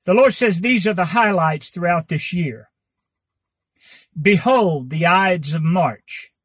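A man announcing section headings in slow, grave statements. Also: high voice, fairly bright tone, breathy edge, dry recording, clean studio sound.

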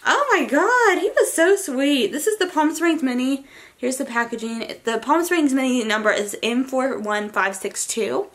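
A young woman vlogger gushing and rambling excitedly about her shopping haul, with many fillers and asides. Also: high voice, moderate pace. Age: young adult. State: college freshman. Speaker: beauty vlogger. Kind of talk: casual haul vlog.

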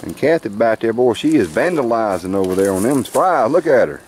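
A man's voice: lowish voice, sing-song, brisk, darkish tone, slight background noise. A man, filming a campout and presenting the food to camera in a folksy, joking way. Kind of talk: casual show-and-tell narration to camera. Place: outdoor campsite.

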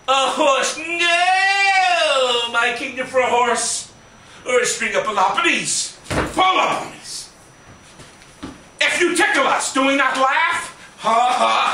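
A man puts on a big-mouthed comic blowhard declaiming classical lines, shouting and hamming it up. His voice is high and bright, swinging wildly in pitch. The sound is roomy and distant. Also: a little hiss or hum, heavily acted. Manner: blustery, shouting, hammy. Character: blustering, bellowing big-mouthed TV comedian playing Shakespeare. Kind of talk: stand-up impression. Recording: roomy stage sound from far off.

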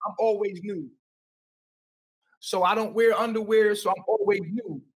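A man's voice: sits high, fairly even intonation, a little slow, slightly rough, recorded from a distance, rough recording. A man answering questions on a call, rambling and repeating himself defensively. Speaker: interview guest.

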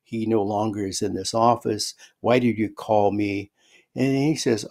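An older man with a gravelly, creaky voice tells a personal story in an easygoing way. He livens it up by acting out the voices of the people he quotes. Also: lowish voice, moderate pace. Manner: animated retelling, acts out quoted voices. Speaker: guest storyteller. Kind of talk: casual spoken storytelling.

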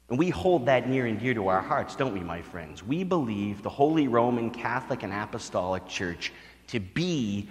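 Man, priest, sermon, storytelling, asks the crowd questions, mid pitch, long church reverb. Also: big pitch swings, moderate pace. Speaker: priest leading a retreat.

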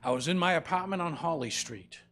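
A man preaching a sermon as pastor, swinging between loud and soft and calling out to the congregation. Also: fairly high pitch, fairly quick.

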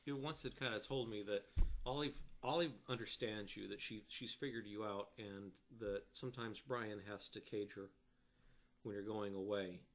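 Male interviewer, deep voice, easygoing prompts. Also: normal speed, slight background noise. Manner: relaxed, prompting with recalled stories. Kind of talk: casual interview.

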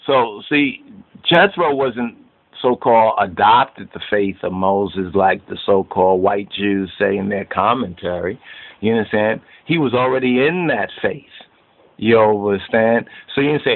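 A man's voice: mid-range voice, normal speed. A man teaching a Bible study sermon in a preachy way, going over verses again and again and often asking whether listeners understand. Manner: preachy, repetitive, keeps asking "you understand?". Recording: tinny phone-like line.

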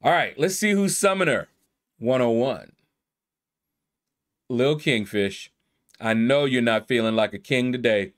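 A man with a mid-range voice talks through a game leaderboard in a loose, easygoing way. He shouts out players one by one and stretches some of their names in a playful drawl. It sounds like a casual gaming video. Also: medium pitch, expressive, a little slow, long pauses. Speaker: gaming YouTuber. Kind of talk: casual commentary reading a leaderboard.

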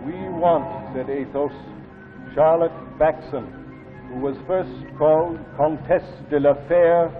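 An actor playing a male reading machine that reads stories aloud in a measured voice, in a live 1950s TV drama. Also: fairly high pitch, fairly even intonation. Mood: steady reading. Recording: tinny 1950s TV speaker audio with music.

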